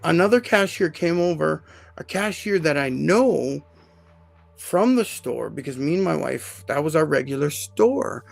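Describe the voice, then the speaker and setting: A man hosting a live podcast, telling a personal story in an emotional, animated way with many fillers. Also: a little high, measured pace, vocal fry, faint music behind. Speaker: podcast host.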